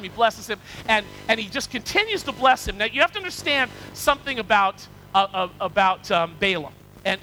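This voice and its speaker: A male preacher retells a scripture story in a lively, chatty way, doubling words and checking in with the audience. His voice sits high and bright, with a faint hum of noise behind him. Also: low-quality recording. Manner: animated, conversational, with repetitions and asides to the audience. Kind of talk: storytelling sermon.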